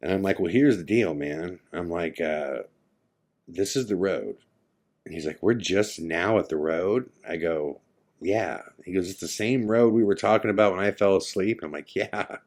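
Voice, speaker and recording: Deep-voiced podcast guy telling a spooky road trip story, hushed for the creepy parts. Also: moderate pace. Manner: animated retelling, acts out friends' lines, drops to hushed tones for eerie parts. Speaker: podcast host. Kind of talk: casual storytelling.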